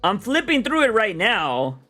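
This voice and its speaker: A young man talks loosely on his livestream, rambling in slang with plenty of animation. His voice sits high and bright with a sharp edge. Faint music plays behind him. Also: huge pitch swings, measured pace. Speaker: streamer and comic podcast host. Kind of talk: casual livestream chat.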